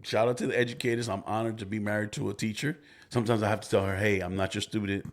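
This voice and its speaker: Middle-aged guy cohosting a couples podcast, lowish voice, animated, plays out his clients. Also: quick pace. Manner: animated, exclamatory, acts out quoted clients. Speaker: podcast co-host, couples counselor. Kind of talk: casual chat.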